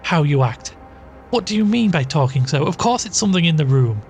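A man's voice: a little high, a little fast, faint music behind, pitched above the performer's own voice, lightly acted. A man doing a dry, rigid woman. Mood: tense. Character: stern, rigid woman holding herself calm.

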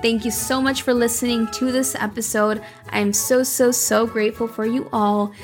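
A woman hosting a podcast, recapping a story in a chatty, expressive way and slipping in Spanish words. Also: on the high side, normal speed, faint music behind. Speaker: podcast host.

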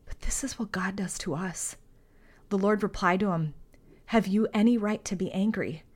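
A woman with a mid-range voice hosts a faith podcast at a moderate pace. Earnest and heartfelt, she talks conversationally, reads scripture aloud, and prays.

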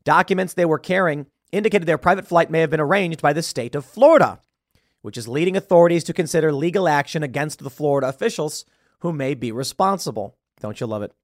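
A man's voice: a little high, expressive, quick pace, no echo, clean studio sound. Sarcastic man hosting commentary. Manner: sarcastic, stumbles over words. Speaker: podcast host. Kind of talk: political commentary, reading news aloud.

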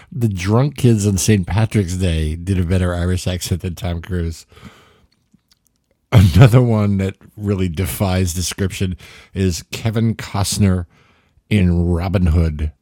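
Dry, slow-talking sardonic man. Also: sits low, dark tone, no echo. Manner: sardonic, dry, deliberate delivery with laughs. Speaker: podcast host. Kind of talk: casual comedic monologue.

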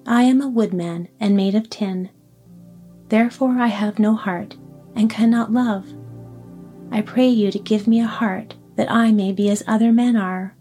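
Woman voicing a gentle pleading tin man. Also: mid-range voice, steady tone, measured pace, soft background music, natural voice. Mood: earnest.

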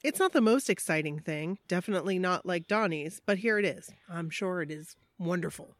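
In a dry recording, a woman with a fairly low, lively voice co-hosts a podcast at a brisk clip. She reads a listener's story aloud in casual chat, breaking off now and then for laughing asides.

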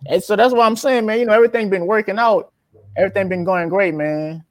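A man's voice: high voice, fairly even intonation, fast talker, dry recording. A young man with a Louisiana accent, chatting casually as an interviewee, laid-back and drawling, often calling the listener man or brother. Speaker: interviewee, aspiring rapper.

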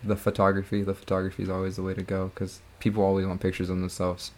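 A man's voice: deep voice, monotone, fast talker, darkish tone. A young man co-hosting a podcast, chatting in an easygoing way and cracking jokes. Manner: easygoing, joking interjections. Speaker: podcast co-host. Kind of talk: casual chat.

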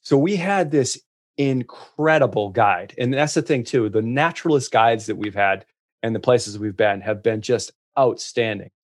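A man telling travel stories as a guest in casual chat, restarting often and getting lively in the punchlines. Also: mid-range voice, moderate pace. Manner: animated storyteller, many restarts.

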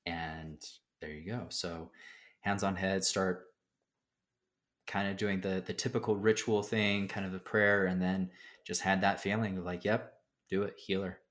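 A young adult man with a fairly low voice talks as a podcast guest. He tells stories casually, with plenty of "um"s, and brings each scene alive by acting out the lines. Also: unhurried. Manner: animated storyteller who acts out quotes. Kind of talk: casual storytelling in a podcast interview.

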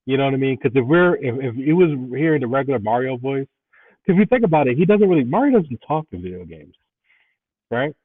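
A man's voice: medium pitch, very animated, quick pace. Easygoing man co-host on a tinny line. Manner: easygoing, thinking aloud. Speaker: podcast co-host. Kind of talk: casual movie review chat.

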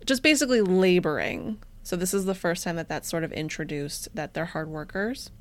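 A woman's voice: fairly low pitch, expressive, brisk. A woman co-hosting a podcast, chatting casually and jokingly as she tells stories. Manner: joking, storytelling, laughs often. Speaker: podcast co-host.

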